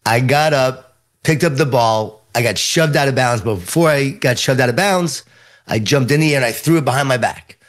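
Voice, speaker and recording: A man's voice: medium pitch, moderate pace. Long Island man telling stories. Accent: Long Island New York. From Long Island, New York. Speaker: guest author. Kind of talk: storytelling interview answers.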